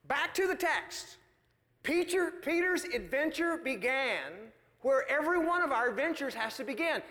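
A man preaching a sermon with lively, folksy storytelling. His voice sits very high and rings bright and forceful. The sound carries a long reverb, as in a large hall. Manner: animated storytelling, folksy asides. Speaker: pastor.

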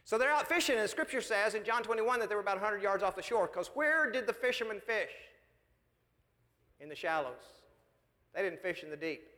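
A man preaching a sermon with lively, folksy storytelling. His voice sits very high and rings bright and forceful. The sound carries a long reverb, as in a large hall. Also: brisk. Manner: animated storytelling, folksy asides. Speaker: pastor.

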